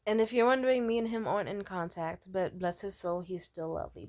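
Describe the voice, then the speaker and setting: A woman's voice: medium pitch, steady tone, a little fast, a little mellow. A young woman chats through a storytime vlog, rambling and looping back on herself with plenty of fillers. She swears bluntly and breaks into laughter often, her tone loose and unpolished. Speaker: vlogger.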